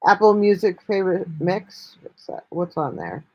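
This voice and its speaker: A woman's voice: lowish voice, very animated, moderate pace, muffled recording. A woman hosting a casual live stream, talking bluntly and chattily with lots of swearing. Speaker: livestream host.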